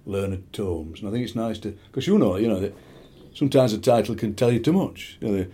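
A man's voice: fairly low pitch, brisk, warm tone, breathy edge. A man in his sixties with a Yorkshire accent, a poet reading and chatting in a rambling, anecdotal way with chuckling asides. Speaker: poet and radio presenter. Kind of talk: poetry reading and chat.

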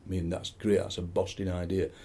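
Husky, mellow-voiced Barnsley man. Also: low voice, brisk. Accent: Barnsley, South Yorkshire. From South Yorkshire, England. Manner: animated storyteller, slips into quoted voices. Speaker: poet, interview guest. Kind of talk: conversational interview with poetry reading.

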